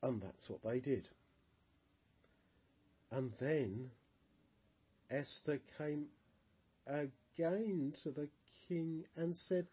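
A man telling a bible story to children in a gentle, expressive way. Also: a little high, very slow, pauses often, husky, highs cut off.

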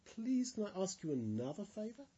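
A man's voice: sits high, sing-song, normal speed, warm tone, husky, highs cut off, voice pushed up, full character voice. A man voicing a young queen who pleads in a nervous voice. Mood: pleading.

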